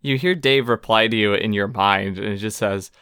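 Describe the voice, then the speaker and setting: A woman playing a tabletop game, casual and quick to describe her character's actions. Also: rumbling low, a bit bright, smooth, no room sound, clean studio sound. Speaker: player. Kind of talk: tabletop role-play.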